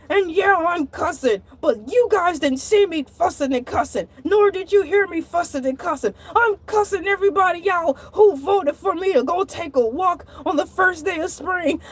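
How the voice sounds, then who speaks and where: A very high, squealing voice belongs to an excitable cartoon shark played by a woman. He tells his misadventures as a comic monologue, huffing with exasperation and breaking into shouting fits. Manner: dramatic, exasperated, bursts into shouting. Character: excitable male cartoon shark who walks on land. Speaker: show host.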